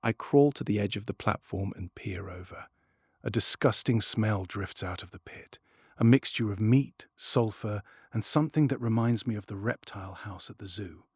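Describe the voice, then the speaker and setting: A man narrating a children's storybook in first person, expressive and dropping to a hush at tense moments. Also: on the low side, moderate pace, breathy edge, dry recording, clean studio sound. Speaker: audiobook narrator.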